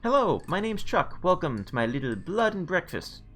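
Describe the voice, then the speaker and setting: A man putting on a creepy backwoods innkeeper from a video game, grinning and lisping, with a voice pitched higher than his own. He talks slowly and overly cheerfully, stressing words oddly and swinging the pitch up and down. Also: sing-song, fairly bright tone, soft background music, heavily acted. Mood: cheery. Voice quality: lisping, odd word stress. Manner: slow, overly cheerful and polite. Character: creepy grinning male innkeeper-butcher with a lisp. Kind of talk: video game dialogue reading.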